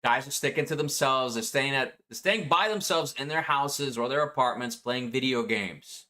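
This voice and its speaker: A man's voice: mid-range voice, normal speed, pushed and bright. A man streaming, reacting to clips in a chatty, laughing way with sing-song asides. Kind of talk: casual reaction chat.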